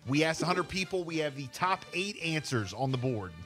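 A man's voice: fairly high pitch, expressive, normal speed, fairly bright tone, soft background music. A man hosting a call-in game show on the radio, upbeat and laughing easily.

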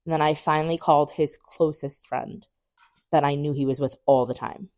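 Podcast co-host in her twenties with a low, dry voice. Candid storyteller who animates the dialogue she quotes. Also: moderate pace, no echo. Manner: animated, acts out quoted dialogue with big pitch jumps; candid, swears casually. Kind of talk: personal storytelling.

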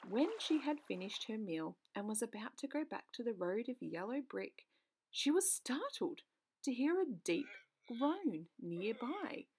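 A woman's voice: on the high side, very animated, a little slow, darkish tone, husky. Woman reading a children's story aloud. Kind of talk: read-aloud narration of a children's book.

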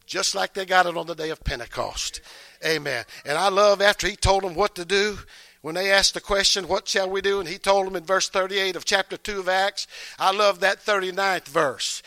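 A man preaching with fervor, his voice high and bright, peppering his words with amens and hallelujahs. The sound is dry and close, with no room around it, and he sometimes sinks into a hushed, intimate scripture reading. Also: moderate pace, no echo. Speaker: bishop. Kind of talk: sermon.

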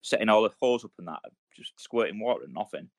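A man's voice: lowish voice, lively intonation, fast talker, vocal fry. A man, an ex-soldier co-hosting a podcast, telling sweary stories in casual chat and acting out quotes. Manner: sweary storytelling, acts out quotes.

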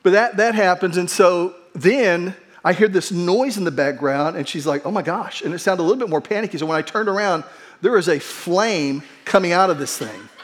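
A man's voice: sits high, moderate pace. A middle-aged man, a pastor, preaching a conversational sermon and telling a humorous personal story in an earnest, self-deprecating way.

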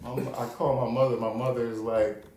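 A man's voice: medium pitch, flat delivery, fairly quick, warm tone. Laughing, profane man telling a story. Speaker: podcast co-host. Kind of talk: casual storytelling chat. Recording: echoey room with faint noise.

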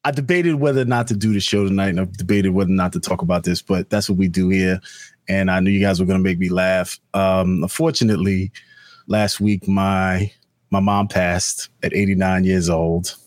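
A man's voice: low voice, steady tone, moderate pace, a little mellow, no room sound. A man co-hosting a podcast, chatting casually and chuckling through his stories. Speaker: podcast co-host. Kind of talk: casual chat.

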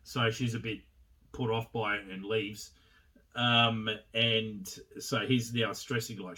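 A man's voice: on the low side, little pitch movement, slow, bright, forceful tone, far from the mic. Casual, sweary man reviewing a film. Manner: rambling and sweary, with frequent fillers and laughs.

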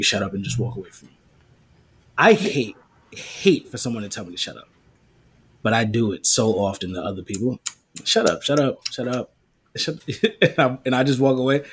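A man's voice: lowish voice, slightly rough. A man co-hosting a casual podcast, talking bluntly and jokily with a lot of swearing. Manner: blunt, profane, jokey. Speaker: podcast co-host.

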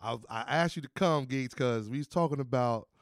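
Fast, animated man telling street stories. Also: mid-range voice. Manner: animated, acts out quoted voices, swears freely. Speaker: podcast host. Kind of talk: casual storytelling chat.

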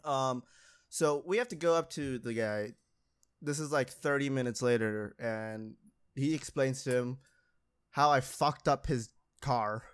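A man's voice: mid-range voice, unhurried, smooth. A young man casually telling a long story about a mishap at his auto shop job, rambling, laughing and mocking himself.

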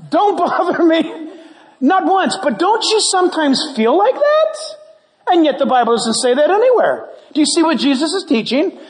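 A man preaching a sermon as pastor, animated and conversational with jokes. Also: extremely high pitch. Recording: long church hall reverb.

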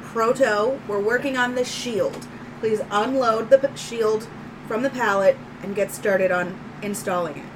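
A woman player in a tabletop game, talking in character, enthusiastic and expressive. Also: a little high, measured pace. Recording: noisy, distant mic.

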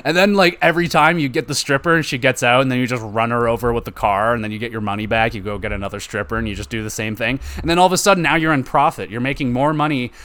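A young adult man hosting a solo gaming podcast, talking in an excitable, profane, rambling way. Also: mid-range voice, fast, few pauses. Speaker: podcast host. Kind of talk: casual solo podcast chat.

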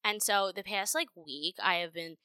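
A young adult woman hosting her own podcast, talking in a blunt, profane and animated way with frequent laughter. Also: mid-range voice, moderate pace, clean tone, no echo. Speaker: podcast host. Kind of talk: casual solo podcast monologue. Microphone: home podcast microphone.

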